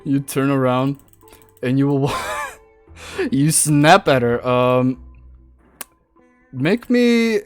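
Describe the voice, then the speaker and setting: A woman's voice: rumbling low, drawn-out words, long pauses, faint music behind. A woman narrating a tabletop game as game master, laughing often as she describes scenes.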